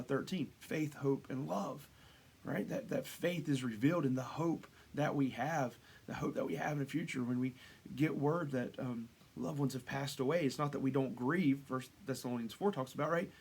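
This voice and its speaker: Husky and darkish in tone, this man's mid-range voice carries a casual devotional sermon. The pastor speaks conversationally, often restarting or stepping into asides, and raises his voice for rhetorical questions.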